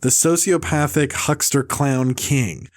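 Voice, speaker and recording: Podcast host guy, ranting, does mocking little impressions, swears a lot, average pitch. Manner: animated, mocking impressions, swears, quick laughs. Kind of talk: casual podcast chat.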